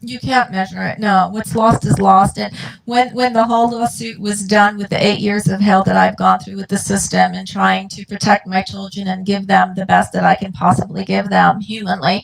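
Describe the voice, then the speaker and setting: A woman's voice: medium pitch, flat delivery, normal speed, gravelly, low-quality recording. A middle-aged woman, a mother and guest, telling her family's story in an earnest, impassioned way and acting out the dialogue. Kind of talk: emotional personal storytelling.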